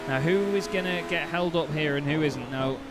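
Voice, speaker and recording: A man's voice: on the high side, fairly quick, background noise. Chatty man calling a sim race. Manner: chatty, self-correcting, excitable at incidents. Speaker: race commentator. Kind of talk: play-by-play sim racing commentary.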